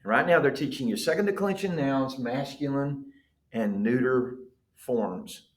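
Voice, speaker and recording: Slow, patient man teaching a class. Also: mid-range voice, roomy sound. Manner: patient, explains slowly, checks in with "right?". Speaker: Greek teacher. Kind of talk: classroom lecture.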